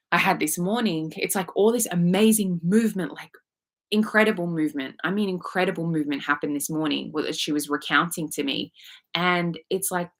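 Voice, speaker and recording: A woman's voice: lowish voice, a bit bright. Frank Australian woman coaching live. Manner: frank, swears casually, reads viewer comments aloud. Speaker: manifestation coach. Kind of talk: casual live coaching talk.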